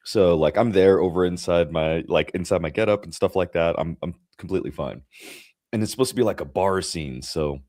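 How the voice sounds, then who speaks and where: Deep-voiced young man telling a story. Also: brisk, dry recording, clean studio sound. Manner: animated storyteller, laughs often, many fillers. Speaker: actor. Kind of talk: casual chat. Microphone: remote video call.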